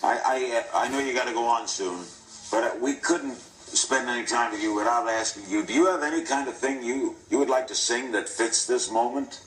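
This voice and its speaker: Brief: male TV host, gentle questioning, mid-pitched, distant roomy broadcast sound. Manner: gentle, reassuring, measured questioning. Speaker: TV talk show host. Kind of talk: broadcast interview. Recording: roomy broadcast audio, off-mic.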